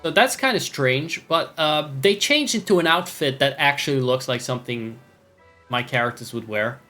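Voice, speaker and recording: Male streamer, rambling, self-mocking, mid pitch, faint music under. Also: moderate pace, pushed and bright. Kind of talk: gameplay commentary.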